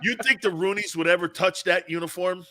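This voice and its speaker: A man from New England with a trace of its accent, animated and profane in casual sports talk. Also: high voice, fairly quick. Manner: animated, profane, does mocking impressions.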